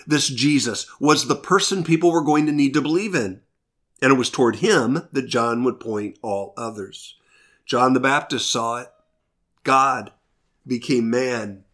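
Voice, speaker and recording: A male pastor delivers a sermon, moving between scripture reading and storytelling. His voice sits in a middle range, and he leans on deliberate slowdowns to stress key phrases. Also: medium pitch, fairly bright tone. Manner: earnest storytelling, shifting pace for emphasis.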